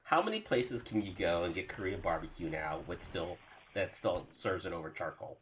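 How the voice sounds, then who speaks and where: A man's voice: sits low, animated, moderate pace, fairly bright tone, a little hiss or hum. A man co-hosting a podcast, asking clarifying questions in casual chat. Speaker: podcast co-host.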